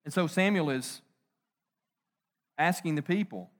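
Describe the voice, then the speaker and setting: A middle-aged man preaching a conversational sermon, animated, joking and asking rhetorical questions. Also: on the high side, measured pace, pauses often. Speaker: pastor.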